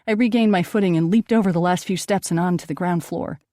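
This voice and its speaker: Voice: medium pitch, quick pace, warm tone, dry recording, clean studio sound. An audiobook narrator reading a first-person ghost story, turning dramatic at tense moments.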